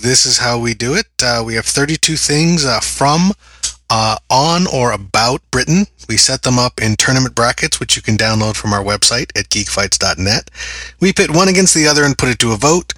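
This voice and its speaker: A man co-hosting a podcast, explaining the format in a relaxed way with plenty of filler words. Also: medium pitch, no echo. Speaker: podcast co-host. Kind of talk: casual podcast chat.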